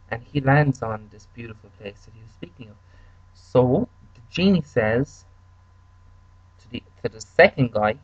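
A man telling a joke in a halting way, often repeating words. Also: medium pitch, dry recording, muffled recording. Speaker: joke teller.

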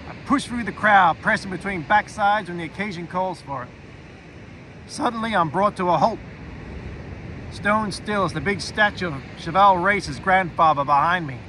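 A man reading a first-person fantasy audiobook in an expressive storytelling way, dropping to a quiet aside for the narrator's inner thoughts. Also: sits high, normal speed, slight background noise, low-quality recording.

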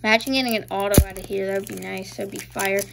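A woman hosting a casual card-opening video, excitable and stammering, breaking into squeals. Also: mid-range voice, quick pace, creaky, noisy background. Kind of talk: casual pack-opening commentary.

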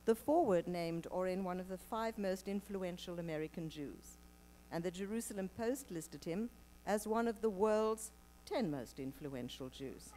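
A woman introducing a speaker to an audience, reading from a script in a measured, formal way. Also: lowish voice, dark tone, a little hiss or hum. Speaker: event presenter introducing the speaker. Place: lecture hall with live audience.

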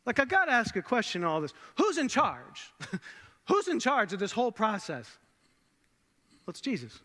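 A man's voice: high voice, wildly swooping pitch, moderate pace, pauses often, bright, forceful tone. A man preaching a sermon as a pastor, in a conversational way with rhetorical questions, with long church reverb. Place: church sanctuary.

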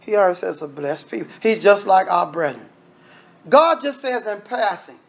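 A man's voice: sits high, sing-song, moderate pace, slightly rough. A man preaching a sermon as minister, emphatic and repetitive, firing rhetorical questions and calling the congregation brethren. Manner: addresses listeners directly as brethren.

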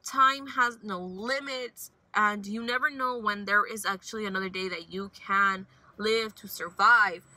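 A woman's voice: medium pitch, fairly even intonation, measured pace, few pauses, pushed and bright, no echo, rough recording. A young woman vlogging casually from her car, talking emotionally and rambling, swinging between upbeat and frustrated. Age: young adult. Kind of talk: casual vlog while driving.

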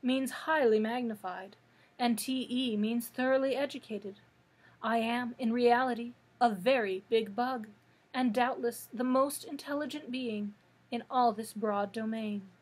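A woman's voice: fairly high pitch, fairly even intonation, moderate pace, hardly any pauses, darkish tone, lightly acted. A woman reading aloud and voicing a pompous, self-important male insect scholar. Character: pompous giant educated bug, male.

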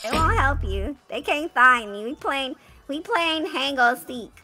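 A woman's voice: sits high, expressive, unhurried, pushed and bright, faint music behind. A woman guest on a virtual talk show, teasing her host in brash, flirty, mock-domineering banter. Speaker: guest VTuber.

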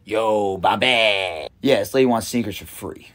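A man in a comedy sketch playing a bored store clerk, talking with flat indifference. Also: fairly low pitch, normal speed.

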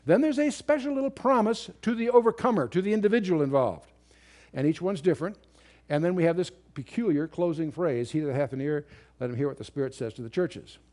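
A man with a fairly high speaking voice delivers a verse-by-verse Bible lecture. He reads King James scripture aloud and explains it emphatically. His delivery is unscripted, with restarts and fillers. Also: a little fast, a little mellow. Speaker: Bible teacher. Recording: remastered lecture recording.

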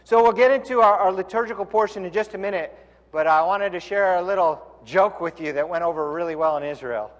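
A man leading a synagogue service, telling a joke to the congregation with lively, loud punchlines. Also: sits high, fairly quick, in a large hall, lo-fi sound. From Tucson, Arizona. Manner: lively storyteller, shouts punchlines. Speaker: service leader.

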